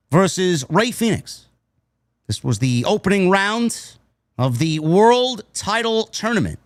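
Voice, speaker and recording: A man's voice: high voice, no echo, studio quality. A man reviewing a wrestling show in a casual, rambling way, swearing freely and drifting into tangents. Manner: profane, nostalgic, tangent-prone.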